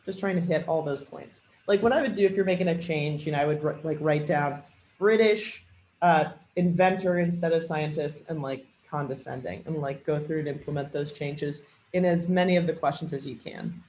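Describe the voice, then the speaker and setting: A man leading a software training demo, thinking aloud with a lot of fillers and hesitation. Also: a little high, normal speed, a little hiss or hum. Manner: rambling, hesitant, many fillers. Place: at a computer. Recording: echoey room with faint typing.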